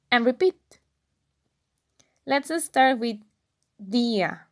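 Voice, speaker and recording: A woman teaching a beginner language lesson, patiently repeating words slowly and clearly for learners. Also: on the high side. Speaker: Spanish teacher.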